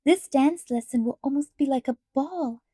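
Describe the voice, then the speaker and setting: A young girl rattles on with excitement, as a woman reader puts her on. Her voice sits a little high with a dark, mellow tone, recorded dry and close. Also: normal speed, dry recording, close to an everyday voice. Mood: excited chatter. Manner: chattering, excited.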